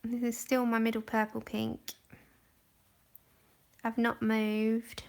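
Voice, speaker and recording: Her voice sits on the high side, gravelly and monotone, and she takes her time. The young woman is hosting a livestream, chatting casually and giggling while she colours, with the camera right in front of her face.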